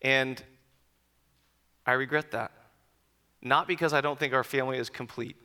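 Bright-voiced storytelling man. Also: medium pitch, moderate pace. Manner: animated, then quiet and reflective. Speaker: speaker addressing an audience. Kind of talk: personal storytelling talk.

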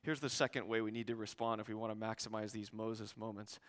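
A man preaching a sermon as pastor, animated, acting out scripture dialogue with rising intensity. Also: on the low side, a little fast, hardly any pauses, long reverb tail.

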